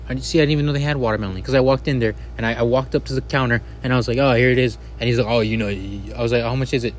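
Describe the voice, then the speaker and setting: A man's voice: mid-range voice, steady tone, racing, slight background noise. A man hosting a casual podcast, joking, teasing and swearing as he chats with his co-host. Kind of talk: casual chat.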